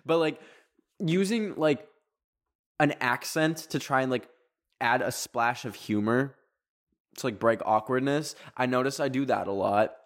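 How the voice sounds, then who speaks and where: A young man from Canada with a Canadian accent, hosting a casual solo podcast in a chatty, rambling way full of fillers. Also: mid-range voice. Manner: chatty, rambling, many fillers, quick laughs. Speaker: podcast host.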